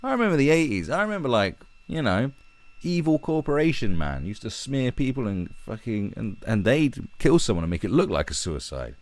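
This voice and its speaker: A man's voice: mid-range voice, big pitch swings, a little fast, a little mellow, no echo. A man giving a sarcastic, profane ranting commentary as an online commentator. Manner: sarcastic and profane, with mocking asides.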